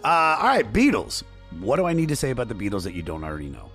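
A hoarse man hosting a podcast in loose, profane, rambling casual chat. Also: medium pitch, wildly swooping pitch, fast, fairly bright tone, soft background music. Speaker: podcast host.

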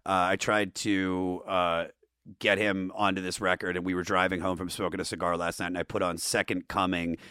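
A man hosts a loose, casual chat, talking in excited, profane bursts. His voice sits in a middle range and is recorded dry and close, with no room sound. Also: low voice, moderate pace, smooth, no echo. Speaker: podcast host, comedian.

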